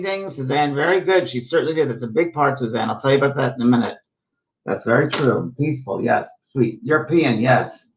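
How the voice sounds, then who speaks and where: Brief: middle-aged male medium host on a live stream, chatty and affirming, mid-pitched, in a roomy echo and set back from the mic. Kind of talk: live stream reading comments. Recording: echoey, distant, dull sound.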